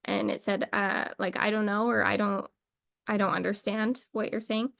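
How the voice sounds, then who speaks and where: A woman talking in a playful, rambling way, thinking out loud as she runs a casual mock lesson. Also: medium pitch, little pitch movement, normal speed, gravelly, no room sound, clean studio sound. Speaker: video creator.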